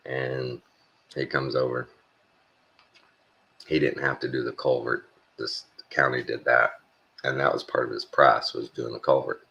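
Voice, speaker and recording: A man's voice: very deep voice, creaky, fairly bright tone. A middle-aged man from Texas, telling a rambling, blunt story in a casual rant. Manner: rambling, blunt, halting with fillers. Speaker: vlogger.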